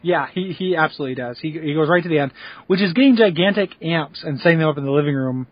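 A man co-hosting a podcast in casual chat, making wry, deadpan jokes. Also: a little high, quick pace, muffled recording. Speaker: podcast co-host.

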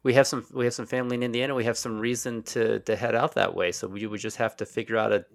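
A man's voice: on the low side, little pitch movement, fast talker, vocal fry. A man from Louisville with a mostly neutral American accent and a faint Southern trace, a podcast guest who talks animatedly and repeats himself as he thinks aloud. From Louisville, Kentucky. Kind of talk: casual chat.

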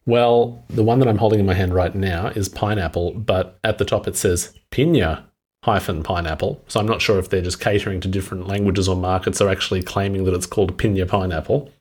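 A man co-hosting a casual chat, musing aloud in a measured, wry way. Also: deep voice, steady tone, darkish tone, husky. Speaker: co-host.

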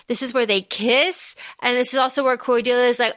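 Bright high-voiced woman podcaster. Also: fairly quick, hardly any pauses. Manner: animated, acts out characters' lines. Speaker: podcast co-host. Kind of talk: casual book discussion.

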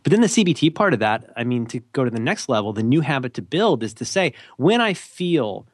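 A man's voice: mid-range voice, very animated, fairly quick, dry recording, studio quality. A man co-hosting a podcast, chatting casually and giving advice in a self-deprecating, rambling way, with lots of restarts. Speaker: podcast co-host. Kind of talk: casual conversational advice chat.

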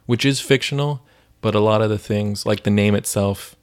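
A man's voice: lowish voice, moderate pace, clear, resonant tone. A man co-hosting a faith podcast, chatting casually and retelling stories with many fillers. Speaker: podcast co-host.

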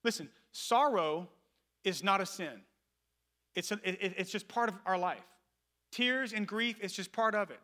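A man in his thirties, a pastor preaching a sermon in a church, moving between loud emphatic calls and soft, low asides. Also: unhurried. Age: 30s.

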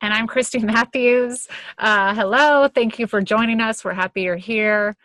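A woman's voice: a little high, steady tone, moderate pace, fairly bright tone, dry recording. A woman in her forties co-hosting a podcast, chatting casually with a dry, teasing manner. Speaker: podcast co-host. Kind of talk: casual chat.

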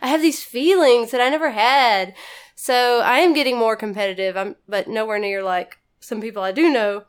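Chatty woman, smooth voice. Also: fairly high pitch, normal speed. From Mississippi. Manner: chatty, laughing, says y'all. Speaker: podcast guest. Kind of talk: casual storytelling.

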